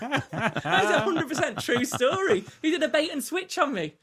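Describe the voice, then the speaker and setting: A man's voice: extremely high pitch, big pitch swings, a bit bright. A man from north-west England, a Baptist minister, chatting as a podcast guest and telling anecdotes while acting out the lines of the people in them. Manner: rapid anecdotal storytelling, acts out quoted lines. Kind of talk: casual podcast chat, storytelling.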